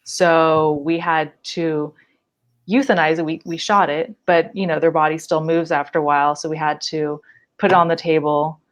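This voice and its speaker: A young woman with a notably low voice talks through her fieldwork on a podcast. Her telling is animated and casual, scattered with "like" and quick laughs. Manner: animated storytelling with frequent likes and laughs. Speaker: wildlife biologist guest.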